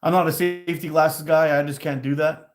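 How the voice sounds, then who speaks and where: A man's voice: on the high side, steady tone, a little fast, echoey room, over music. A man talking casually and bluntly while he crafts in his workshop, swearing now and then. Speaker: slingshot maker.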